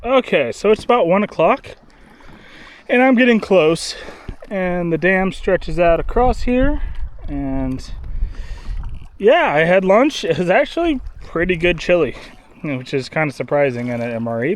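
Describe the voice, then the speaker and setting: A man's voice: sits high, very animated, a little slow, long pauses. A man narrating a casual travel vlog outdoors from a kayak, upbeat and rambling, with lots of "uh" fillers. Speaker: vlogger on a kayak trip.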